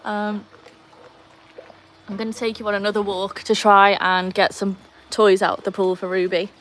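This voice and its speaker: A woman's voice: medium pitch, monotone, normal speed. Chatty Welsh woman livestreaming. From Wales. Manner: chatty, reads out viewer comments, talks to her dogs. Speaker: livestream host. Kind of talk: casual live-stream chat. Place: outdoors by a backyard pool.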